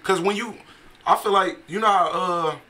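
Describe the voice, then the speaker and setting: A young man from the Detroit area telling animated stories in a casual podcast chat, laughing often. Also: high voice, normal speed. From Ecorse, Michigan (downriver Detroit area). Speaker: guest singer and producer.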